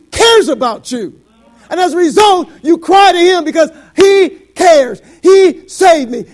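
High-voiced preacher, loud then hushed. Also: male voice. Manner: swings between shouted climaxes and low quiet passages; quotes scripture in King James wording. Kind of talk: sermon.

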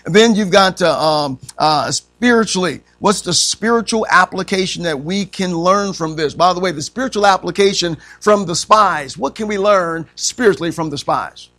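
A man's voice: high voice, normal speed, hardly any pauses, a bit bright. A man teaching a church Bible class, quizzing the group and saying amen after nearly every point, with frequent chuckles. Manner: says amen constantly, asks the class questions; chuckles often.

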